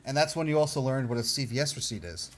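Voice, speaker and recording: A man calling in over a radio link, chatting casually with lots of hesitant fillers and gentle teasing. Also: medium pitch, expressive, fast. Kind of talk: casual chat.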